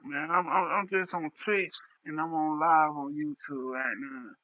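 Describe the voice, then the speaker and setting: A man's voice: fairly high pitch, steady tone, a little slow, no room sound, phone-quality sound. A young man talking straight into a livestream in a raw, impassioned, repetitive monologue. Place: livestream setup.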